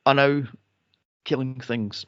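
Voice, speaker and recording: A man co-hosting a film podcast, sarcastic and profane, mocking characters with shrill impressions. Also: steady tone, takes it slowly, clean tone, no echo. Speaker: podcast co-host reviewing a film. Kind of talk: casual chat. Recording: dull lo-fi dry podcast audio.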